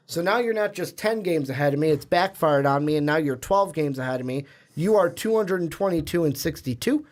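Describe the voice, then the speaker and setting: A chatty man hosting a casual sports podcast. His voice sits a little high and he rambles along loosely, tripping over names as he goes. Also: darkish tone. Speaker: podcast co-host.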